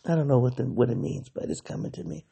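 A solo podcast host talks through their own feelings in a candid, self-analyzing diary style. The voice is gravelly and husky, with a dark, mellow tone, and the thoughts come out as they form. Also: medium pitch, fast.

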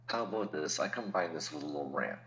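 Very deep-voiced man chatting casually. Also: lively intonation, fast talker, gravelly, a bit bright, highs cut off, a little hiss or hum. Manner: chatty, explains patiently with laughs and asides. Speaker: podcast guest. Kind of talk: casual chat.

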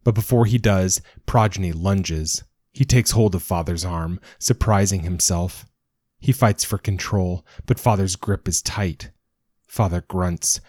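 A man reading a dramatic story as narrator, in a measured storytelling manner. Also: low-pitched, a little mellow, dry recording, clean studio sound. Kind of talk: scripted narration.

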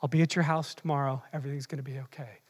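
Preacher mimicking a hushed, fussing pastor. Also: steady tone, very fast, slightly rough, lightly acted. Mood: soothing. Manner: soft, low and hushed. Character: gentle fussing pastor, overly consoling. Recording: long hall reverb.

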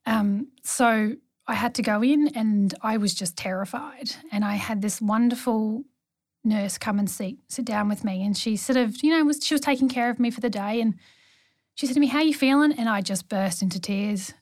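A woman's voice: mid-range voice, normal speed, no room sound, studio quality. A woman who works as a neonatal nurse practitioner, a guest on an interview podcast, telling her stories in an earnest way. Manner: warm storytelling, earnest. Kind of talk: conversational interview.

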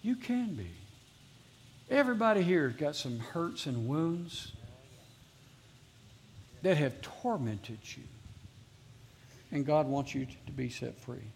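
A man's voice: a little high, animated, slow, creaky, pauses often, a little mellow, a little hiss or hum. A man preaching a sermon as pastor to a live congregation, earnestly repeating his exhortations.

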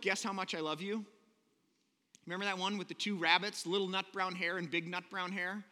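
In a church sanctuary, a pastor gives his congregation a casual, conversational sermon, speaking informally and often correcting himself mid-sentence. His voice sits high and sounds pushed and bright, with long reverb from the hall.

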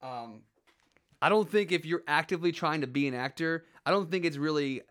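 Man, casual co-host. Smooth, clear voice, pitched a little high. Rambles and restarts. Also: a little fast, fairly bright tone. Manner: rambling, many fillers and restarts. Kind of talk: casual chat.

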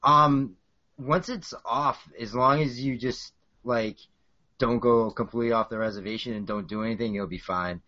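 A man's voice: medium pitch, steady tone, moderate pace, bright, forceful tone, highs cut off. A man in his late twenties with a Boston accent, a guest in casual podcast chat, rambling with lots of fillers. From South Korea. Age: 20s. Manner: rambling, filler-heavy storytelling.

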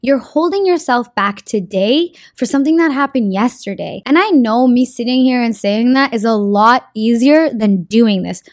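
A young woman gives casual spiritual advice in a slangy, earnest way, swearing freely. Her voice sits a little high. The sound is dry and close, with no room echo. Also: animated, moderate pace, few pauses. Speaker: card reading vlogger.

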